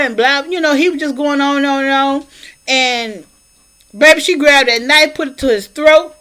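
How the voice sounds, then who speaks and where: A woman recapping a movie's plot in a casual, animated, colloquial way, slipping into character voices. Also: sits high, unhurried. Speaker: movie reviewer.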